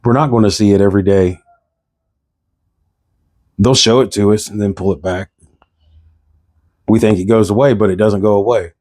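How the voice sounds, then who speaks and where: A man delivers a fervent spiritual monologue, circling back to the same lines and firing off rhetorical questions. His tone is dark and mellow. The recording is close and dry, with no room sound. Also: on the low side, steady tone, normal speed, pauses often, no echo. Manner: impassioned, preachy, repeats phrases, asks rhetorical questions. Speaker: vlogger. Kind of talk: passionate spiritual monologue to camera.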